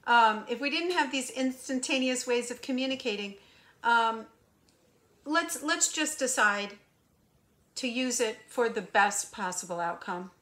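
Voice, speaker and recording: A woman giving a spiritual guidance monologue as a hypnotherapist and intuitive channeler. She speaks emphatically and preaches through rhetorical questions, moving between hushed asides and raised emphasis. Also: on the high side.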